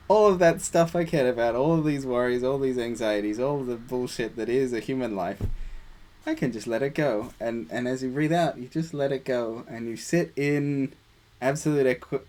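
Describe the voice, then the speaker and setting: A man leading a group meditation discussion, talking in a relaxed, casual way with playful asides. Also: medium pitch, a little fast.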